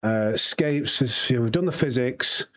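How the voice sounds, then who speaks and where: A man's voice: medium pitch, moderate pace, a bit bright. A man with a Yorkshire accent, a sim racing streamer chatting casually and rambling to his live chat while he plays. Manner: chatty, rambling, laughs easily.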